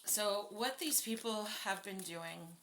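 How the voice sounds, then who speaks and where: A woman's voice: medium pitch, slow, background noise. A woman giving a casual spoken tarot reading, blunt and openly indignant, swearing freely as she talks through the cards. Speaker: tarot reader.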